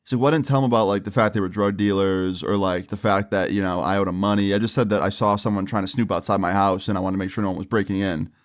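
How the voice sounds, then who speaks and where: A young man casually telling a long personal story, slangy and animated, acting out quoted dialogue. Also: deep voice, fast, hardly any pauses. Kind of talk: casual storytime over gameplay.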